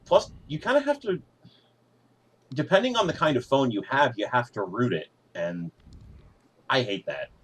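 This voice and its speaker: A man hosting a podcast in casual chat, relaxed and patient when he explains things, swearing offhandedly. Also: medium pitch, moderate pace, pauses often, breathy edge. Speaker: podcast host.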